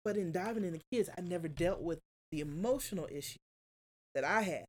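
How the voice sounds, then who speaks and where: A woman's voice: fairly low pitch, animated, fast, dark tone. A woman telling an emotional personal story as a guest, earnest and confessional, close to tears. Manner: earnest, confessional, often quotes herself.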